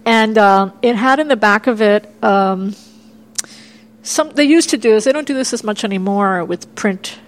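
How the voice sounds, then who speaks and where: A woman's voice: mid-range voice, moderate pace. A woman playwright from Miami, chatting in an interview and acting out her own past reactions as she tells stories. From Miami, United States. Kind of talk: casual interview chat. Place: indoor room in Chicago.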